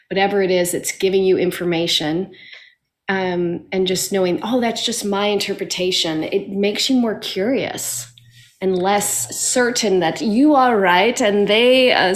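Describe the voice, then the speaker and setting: A woman talking as a guest in a relaxed conversation. Her voice sits in a middle range. She reflects earnestly and keeps an upbeat tone. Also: medium pitch. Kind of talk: casual conversation.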